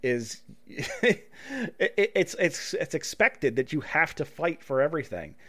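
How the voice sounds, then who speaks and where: Animated man telling stories on a podcast. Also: on the high side, a little slow. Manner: animated storyteller, acts out quotes with a laugh. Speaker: podcast co-host. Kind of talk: casual chat.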